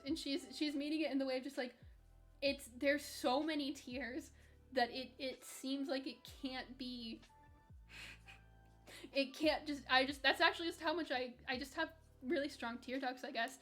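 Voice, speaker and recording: A woman's voice: high voice, fairly even intonation, normal speed, fairly bright tone, soft background music. A young woman streaming and chatting candidly with her live chat, rambling with restarts and light laughs. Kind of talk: casual chat reading live chat while gaming.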